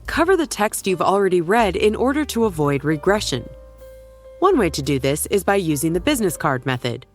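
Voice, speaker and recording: Woman narrating instructions, lowish voice with lively intonation, clear and steady.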